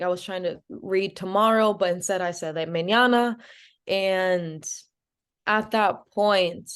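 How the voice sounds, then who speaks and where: A young woman from Providence, Rhode Island, a podcast guest telling her story with lots of "like" fillers and acted-out dialogue. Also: fairly low pitch. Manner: animated, acts out quoted dialogue, many "like" fillers. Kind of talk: storytelling in an interview.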